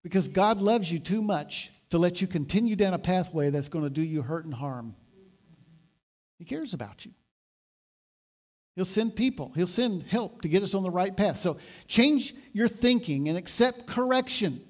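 A pastor delivering a conversational sermon, building to emphatic exhortation. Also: male voice, sits high, lively intonation, moderate pace, long pauses, a little mellow.

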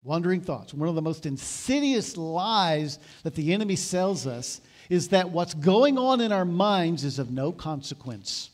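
A man preaching a sermon, moving between loud emphatic exhortation and calm explanatory teaching. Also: fairly high pitch, measured pace, hardly any pauses. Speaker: pastor.

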